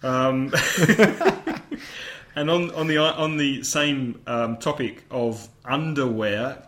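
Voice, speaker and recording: Podcast teacher guy, middle pitch, chill explaining, slips in translations. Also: drawn-out words, fairly bright tone. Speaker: podcast host and English teacher.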